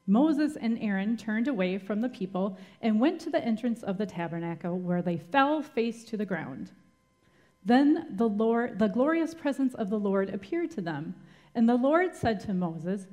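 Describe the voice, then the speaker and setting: Animated woman teaching a sermon. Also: medium pitch, unhurried. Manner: animated, dramatic retelling with rhetorical questions. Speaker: Bible teacher.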